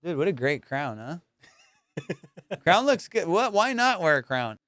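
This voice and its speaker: A man's voice: fairly high pitch, big pitch swings, slow, a bit bright, no room sound. A man hosting a comedy podcast, rambling casually, swearing a lot and laughing often. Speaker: podcast host.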